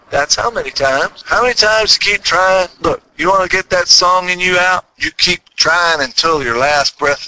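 In poor-quality audio, a man with a fairly high, pushed and bright voice gives a motivational monologue. The Texan podcast host sounds earnest and folksy, leaning heavily on repeated rhetorical questions.

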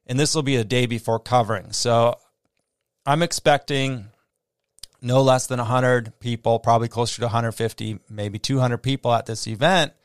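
A man with a Midwestern accent talks through a casual solo podcast, circling back with fillers and false starts. His voice is smooth and resonant. He is recorded close on a mic in a dry room. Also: mid-range voice, steady tone, normal speed, dry recording. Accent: American Midwest. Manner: rambling, many fillers and restarts. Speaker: podcast host.

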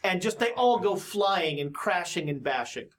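Lively low-voiced woman game master. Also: normal speed. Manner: playful, laughs through descriptions, adds sound words. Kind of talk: narrating a tabletop game.

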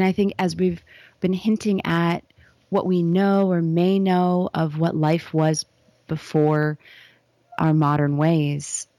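A woman speaking as an interview guest, leading a slow, soft guided visualization with some words whispered, then talking casually. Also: low-pitched, vocal fry, no echo.

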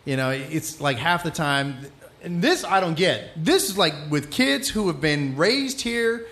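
A man's voice: on the high side, lively intonation, a bit bright. A man who teaches, co-hosting a casual podcast chat, joking and chiming in. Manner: chatty, joking, quick interjections.

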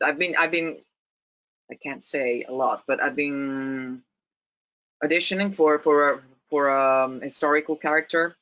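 Woman from Rome, Italian accent, reflective interview guest with restarts; tense, crisp tone, dry close sound. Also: low voice, steady tone, a little slow, fairly bright tone, dry recording, rough recording. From Italy, Rome. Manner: thoughtful, many restarts and repeated words. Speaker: actress, guest. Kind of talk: interview conversation.

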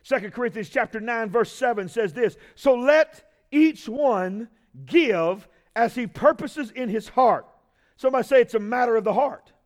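A man preaching a sermon as pastor, calling out to the congregation and building to shouts. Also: extremely high pitch, lively intonation, normal speed.

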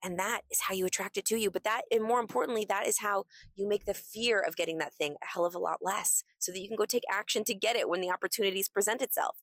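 A young adult woman hosts a motivational podcast, talking fast with few pauses into a close mic in a dry recording. Her medium-pitched voice is breezy, enthusiastic and encouraging, and she acts out excited quotes.

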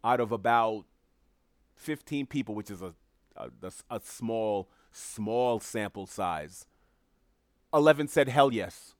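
A man's voice: fairly low pitch, lively intonation, measured pace, pauses often, no echo. A man giving opinionated solo commentary as a podcast host, emphatic and sarcastic, repeating his phrases for effect.

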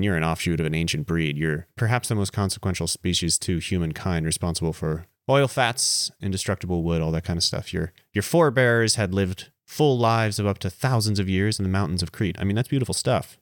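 A man hosting a podcast, speaking a casual eulogy to his plants. He rambles playfully, makes fun of himself, and swings between animated outbursts and quiet murmurs. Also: sits low, brisk, hardly any pauses, no room sound, studio quality. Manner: playful and rambling, with self-mocking asides. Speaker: podcast host.

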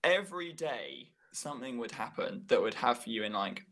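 A man's voice: mid-range voice, animated, moderate pace, a bit bright. A young man chatting playfully on a casual podcast about school days. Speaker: guest.

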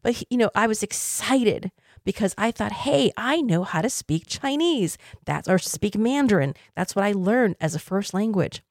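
A woman's voice: mid-range voice, expressive, moderate pace, no room sound, studio quality. Reflective woman in her fifties. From Taiwan. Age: 50s. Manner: earnest, reflective, with light laughs. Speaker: podcast host. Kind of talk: personal storytelling.

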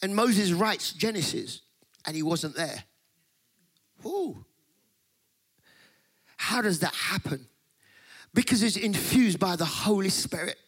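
High-pitched, impassioned male preacher. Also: animated, takes it slowly, pauses often, breathy edge. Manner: impassioned, shouting and half-singing phrases. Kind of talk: sermon. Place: conference hall.

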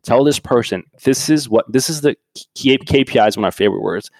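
A man's voice: medium pitch, brisk, creaky, a little mellow, dry recording. A man, a company founder, talking casually as a podcast guest, telling blunt, profane stories with frequent restarts.

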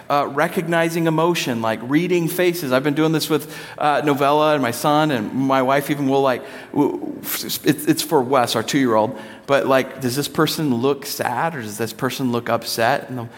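A man in his thirties preaching a conversational sermon, acting out quotes with playful voices. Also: fairly high pitch. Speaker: pastor. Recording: long hall reverb.

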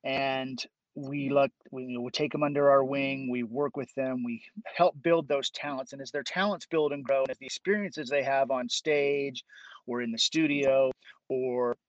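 A man's voice: medium pitch, steady tone, normal speed, no echo, muffled recording. A man guest in a casual interview, easygoing and laughing often, with hesitant fillers as he recalls things. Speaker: guest, musician and arts teacher.

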